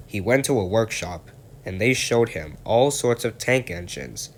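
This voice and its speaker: A man reading a children's railway story aloud in a calm, steady way. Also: on the low side, unhurried.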